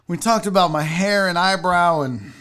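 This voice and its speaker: A man's voice: high voice, moderate pace, a bit bright, clean tone. A man hosting a casual sports livestream, rambling, jokey and profane, fiddling with his screen as he talks. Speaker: sports show host.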